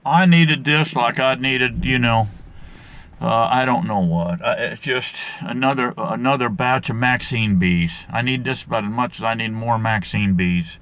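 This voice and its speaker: A man's voice: medium pitch, a little slow, fairly bright tone. A middle-aged man with a sore arm, talking in a folksy, rambling way to his viewers and getting exasperated on a phone call. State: sore arm after a shot. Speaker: outdoor vlogger and beekeeper. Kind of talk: casual vlog talk to viewers.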